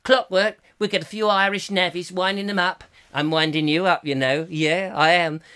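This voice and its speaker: A man's voice: high voice, fairly even intonation, normal speed, bright, forceful tone, clean tone. A posh, older railway official who dismisses everything in a fussy, plummy drawl, put on by a man. He sounds sure of his own importance and waves ideas away. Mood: pompous.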